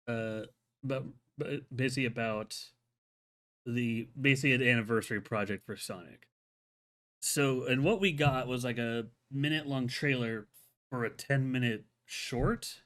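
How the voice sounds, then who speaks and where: Male host, solo stream commentary, chatty and rambling, mid-pitched voice, eager and casual. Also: a bit bright. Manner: rambling, many restarts and "like" fillers; enthusiastic, casual. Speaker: live-stream film show host.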